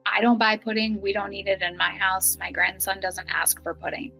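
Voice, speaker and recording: A middle-aged woman telling a personal story earnestly, some lines hushed and some bright. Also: medium pitch, flat delivery, moderate pace, gravelly, breathy edge, soft background music, rough recording. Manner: earnest, emotional, shifts between hushed and bright. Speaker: guest telling her experience.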